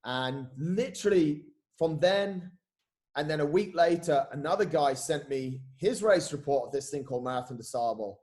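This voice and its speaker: Bloke on a podcast, lively storytelling, swears a lot, voice sits a little high. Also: male voice, moderate pace. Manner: animated, swears freely, says "mate" a lot. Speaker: podcast guest, coach. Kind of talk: casual storytelling chat.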